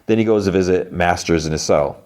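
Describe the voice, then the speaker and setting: A man's voice: low voice, a little fast, a little mellow. A man hosting a podcast, casually recapping a TV episode and acting out lines of dialogue. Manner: retells scenes, acting out dialogue. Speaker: podcast host.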